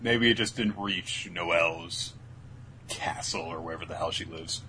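A man's voice: deep voice, measured pace, bright, forceful tone, slight background noise, low-quality recording. A man hosting a casual manga recap podcast, summarizing chapters in a dry, mock-exasperated way. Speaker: podcast host.

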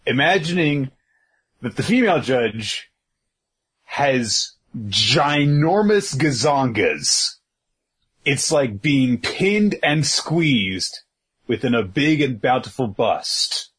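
A man's voice: mid-range voice, sing-song, slow, fairly bright tone, husky. A man co-hosting a podcast, talking in a laid-back, rambling way with lots of fillers and chuckles. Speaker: podcast co-host. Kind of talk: casual podcast recap chat.

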